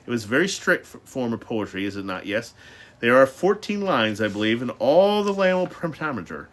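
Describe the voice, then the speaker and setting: A man's voice: medium pitch, big pitch swings, a little fast, fairly bright tone. A man reading as a stern ancient otherworldly woman. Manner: stern, lecturing.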